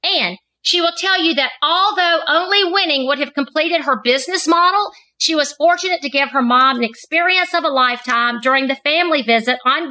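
A woman with a high, bright voice reads a prepared introduction for a podcast guest. She lands each trait in the list with deliberate emphasis. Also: rough recording. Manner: measured, emphatic reading of lists of traits. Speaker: co-host. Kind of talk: scripted narrated introduction.

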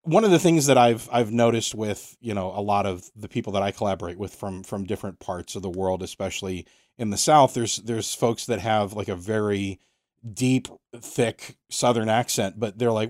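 An American man leads a casual interview. He talks thoughtfully and haltingly, circling back and restarting his phrases. The sound is dry and close. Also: on the low side, a little mellow, dry recording. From United States. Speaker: podcast host.

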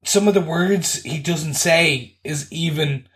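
This podcast co-host speaks slowly in a somewhat high, slightly bright voice as he chats casually about a movie. He is emphatic and tends to ramble in his review.

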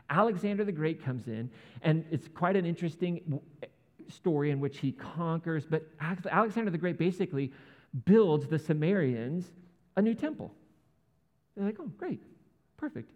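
A man preaching a sermon as pastor, telling the story in a lively, casual way and acting out the voices in it. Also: fairly high pitch, big-room sound.

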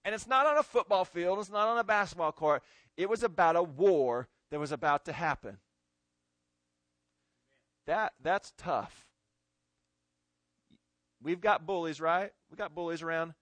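A man's voice: fairly high pitch, unhurried, long pauses, fairly bright tone, no echo. A man preaching a sermon in a folksy, conversational way, often checking in with his listeners. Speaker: pastor.

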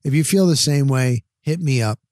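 A man's voice: medium pitch, moderate pace, dry recording, studio quality. A man hosting a podcast, telling a rambling, exasperated story on his back patio. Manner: rambling, exasperated, animated retelling. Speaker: podcast host. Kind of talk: casual storytelling monologue. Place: home back patio, outdoors.

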